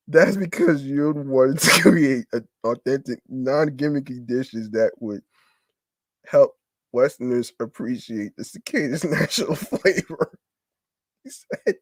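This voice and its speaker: A man's voice: mid-range voice, animated, slow pace, pauses often, dry recording. A man hosting a podcast, reading a news story aloud and reacting in disbelief, with stumbling restarts and repeated words. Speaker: podcast host.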